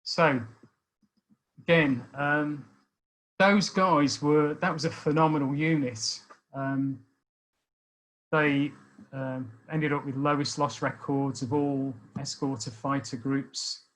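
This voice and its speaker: A man in his sixties from Birmingham with a Birmingham accent, talking about his life in a thoughtful, hesitant way with many pauses and restarts. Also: fairly high pitch, steady tone, fairly bright tone, a little hiss or hum, low-quality recording. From Birmingham, England. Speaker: speaker sharing life experience. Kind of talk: reflective personal talk.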